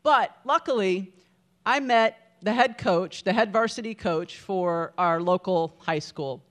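Woman, 50s, storyteller. Smooth, clear voice with an earnest, reflective delivery. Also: medium pitch. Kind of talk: live personal storytelling.

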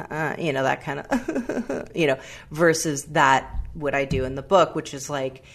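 A woman speaking as a guest in a radio interview. Her voice sits low, and she thinks aloud, restarting phrases as she searches for words. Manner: reflective, halting, searching for words. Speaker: guest, writer and actor.

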